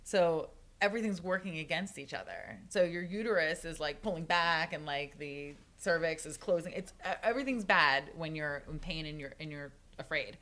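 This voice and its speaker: A woman, likely in her thirties, excitedly telling a personal story in a casual podcast chat, full of "like". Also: low voice, normal speed, hardly any pauses. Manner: animated, excited storytelling with frequent "like". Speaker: guest.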